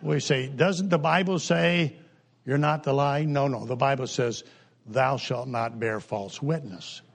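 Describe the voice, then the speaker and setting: An older man preaching a humorous sermon in a folksy, joking way, with sudden jumps in pitch and pace. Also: measured pace, gravelly.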